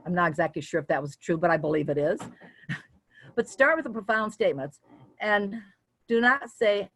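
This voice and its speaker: An older woman giving an instructional talk on public speaking as a guest speaker, deliberately varying her pitch and loudness as she goes. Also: dry recording.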